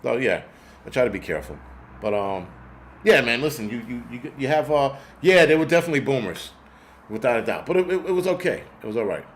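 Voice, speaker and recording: A man's voice: mid-range voice, lively intonation, a little fast, slight background noise. Profane rambling male livestream host. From United States. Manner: rambling, profane storytelling, answers chat comments. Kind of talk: casual livestream chat.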